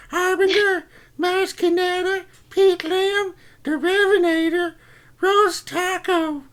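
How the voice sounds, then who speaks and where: A man doing a very high, squeaky voice as a cheery male Christmas poo character, shrill and giggly. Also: fairly bright tone, exaggerated voice. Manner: shrill, giggly, rowdy and crude. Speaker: live stream co-host.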